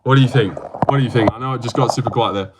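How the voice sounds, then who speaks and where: A man's voice: mid-range voice, very fast, background noise. A young man hosting a casual livestream, reading viewer comments aloud and bantering back in a joking way. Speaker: livestream host. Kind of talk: casual live-stream chat.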